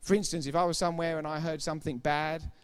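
A man's voice: fairly high pitch, little pitch movement, fast talker, clean tone. A middle-aged man preaching a sermon, emphatic and informal, repeating key phrases for effect and throwing chatty asides to the congregation. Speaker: pastor.

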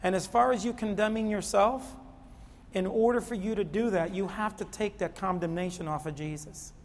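A man's voice: sits high, moderate pace. A man preaching a sermon as pastor, impassioned and repeating phrases for emphasis. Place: church sanctuary. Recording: long hall reverb.

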